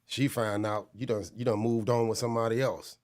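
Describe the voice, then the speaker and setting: A man's voice: mid-range voice, little pitch movement, brisk, a little mellow. A man, co-hosting a casual talk show and laying out a scenario while checking in with the other host. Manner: prompting, checks in with the listener. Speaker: podcast co-host. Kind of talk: casual chat.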